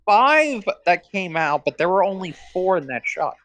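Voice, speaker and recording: A man's voice: high-pitched, big pitch swings, normal speed, a bit bright. A man in a casual watch-along chat who makes short, wry remarks. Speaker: co-host.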